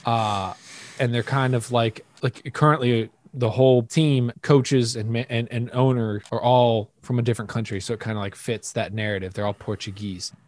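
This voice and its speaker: An American man co-hosting a podcast, chatting casually and launching into animated, jokey rants. His voice sits at an ordinary middle pitch. It is recorded dry and close. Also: normal speed, no room sound. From United States. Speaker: podcast co-host. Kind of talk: casual chat.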